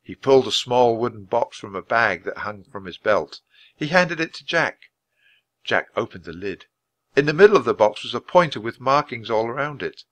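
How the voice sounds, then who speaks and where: A man reads a children's storybook aloud with clear, measured delivery meant for English learners. His voice is bright and forceful, and his pitch rises and falls in lively swings. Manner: clear, expressive, measured reading. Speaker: storybook reader. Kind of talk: reading a children's book aloud for ESL learners.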